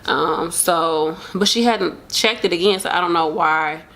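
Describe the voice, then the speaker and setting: This young woman's vlog is a casual pregnancy update, told openly and emotionally to camera in a rambling style with many fillers. She talks unhurriedly in a lowish, fairly bright voice.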